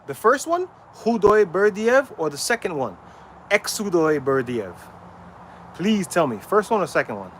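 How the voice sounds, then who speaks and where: A man's voice: high voice, big pitch swings, unhurried, fairly bright tone, slight background noise. A man livestreaming while training, chatting casually with viewers and stumbling over names as he asks questions.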